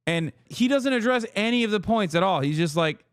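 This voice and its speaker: A man in his thirties reacting to a clip on a live stream, talking fast and swearing freely. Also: sits high, clean tone, no echo, studio quality. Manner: animated, profane, bursts of loud laughter. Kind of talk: casual live-stream commentary.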